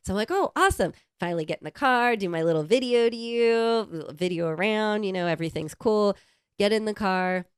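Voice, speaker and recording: A young adult woman co-hosting a podcast, telling a travel story in animated, casual chat and swearing freely. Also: mid-range voice, a little fast, clean tone, no echo, clean studio sound. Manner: animated storyteller who swears and acts out quotes. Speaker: podcast co-host.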